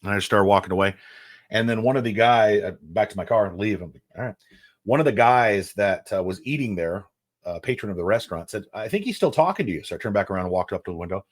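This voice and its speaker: A man from Nebraska with a lowish voice tells a long story in a rambling way and stops now and then to fix his own words. He co-hosts a casual podcast. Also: quick pace. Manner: rambling, stops to correct himself. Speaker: podcast co-host and food reviewer.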